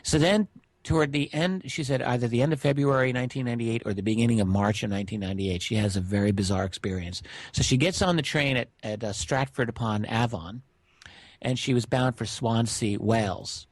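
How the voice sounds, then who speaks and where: A middle-aged man on a radio interview, telling a witness's strange story in a relaxed way with many fillers. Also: medium pitch, brisk, no room sound. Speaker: guest researcher.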